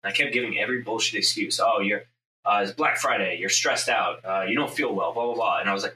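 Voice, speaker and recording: With a lowish voice and a sharp tone, this fast-talking man, a business owner who hosts a podcast, tells an intense, profane story while voicing his own inner thoughts. It's recorded in an echoey room on a distant mic with faint ambient noise.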